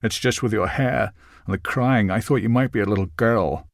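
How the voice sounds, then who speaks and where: A man's voice: lowish voice, normal speed, vocal fry, no room sound, studio quality. A man voicing a tall, balding older man who speaks in brusque, clipped lines in an audiobook. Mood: gruff. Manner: curt, clipped replies. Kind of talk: audiobook character voice.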